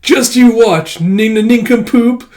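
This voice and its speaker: A man voicing an eager young female storyteller apprentice who fires off excitable, breathless questions. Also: extremely high pitch, slow, voice pushed up. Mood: playful.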